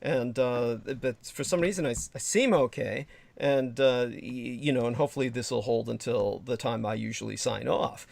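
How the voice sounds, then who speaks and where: A man's voice: mid-range voice, normal speed, creaky, darkish tone, dry recording. A sleep-deprived man hosting a casual livestream chat, rambling with lots of fillers and restarts. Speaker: livestream host.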